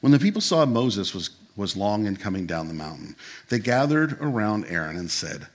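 A male pastor delivering a sermon with a somewhat low, husky voice. He talks like he is telling a story to friends, relaxed and a little humorous. When he drives a point home he becomes earnest and emphatic. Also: normal speed.

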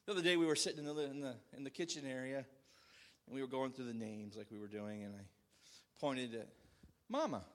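A man in his thirties preaching a sermon to a congregation in a church, animated and shouting out quoted calls. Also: medium pitch, a little fast. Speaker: pastor.

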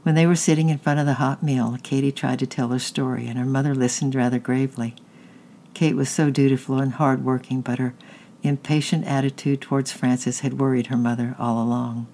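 A narrator reading a chapter of a novel aloud in a steady storytelling manner. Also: medium pitch, fairly quick, a little hiss or hum. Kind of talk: audiobook reading.

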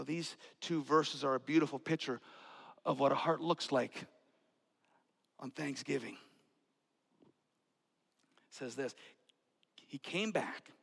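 A man preaching a sermon, swinging from hushed whispers to loud outbursts. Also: high-pitched, measured pace. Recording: long hall reverb.

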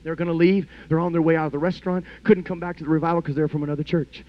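A man preaching a sermon as a story, talking conversationally with lots of "you know", and swinging between hushed and loud passages. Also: on the high side, little pitch movement, very fast. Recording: dull lo-fi podcast audio.

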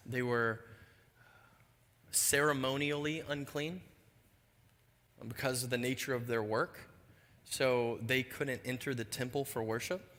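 A pastor preaches a sermon, telling stories in a lively way and going low and quiet for solemn points. The recording has a long reverb tail.

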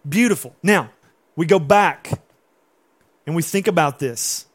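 A man preaching with lively, animated energy, his voice sitting a little higher than most men's. He keeps turning questions back to his congregation as he teaches. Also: a little slow, long pauses, breathy edge. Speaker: pastor. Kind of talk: sermon.

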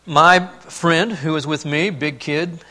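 A male pastor with a bright, forceful voice preaches a sermon. He tells a lively story from his youth, then slows and drops to a hushed, earnest tone on the key points. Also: fairly high pitch.

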